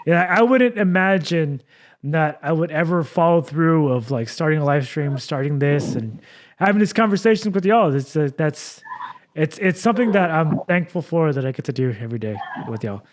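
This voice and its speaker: Podcast host from Texas, a man with a slightly high voice, rambling and earnest, casual chat. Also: animated, normal speed. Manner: rambling, earnest, heavy with fillers like "like" and "you know".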